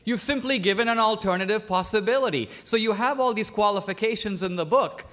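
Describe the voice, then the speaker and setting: Debater, male, from India, fairly high voice, pushes his case hard on a big stage. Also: fairly quick, a bit bright. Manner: pressing, argumentative, quotes opponent's words back. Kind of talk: formal debate argument. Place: large auditorium stage.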